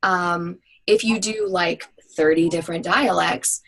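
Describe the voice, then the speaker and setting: A woman who produces voiceover demos, answering questions in a casual webinar with energetic, chatty talk full of fillers. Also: fairly low pitch, measured pace, creaky, rough recording.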